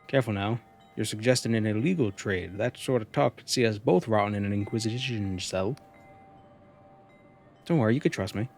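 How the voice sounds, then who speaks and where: A man's voice: on the low side, moderate pace, natural voice. Give me a guarded small-town shopkeeper who deals shrooms, as a man puts him on, drawling and folksy. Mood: wary. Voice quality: drawling, folksy rural accent voice. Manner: wheeling and dealing, slightly menacing.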